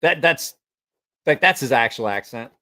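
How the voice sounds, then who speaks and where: A man's voice: medium pitch, lively intonation, normal speed, bright, forceful tone, a little hiss or hum. A man casually telling a story to his stream viewers, rambling and swearing, on a sensitive mic with headphones. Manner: rambling, swears freely, many restarts and laughs. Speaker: live streamer.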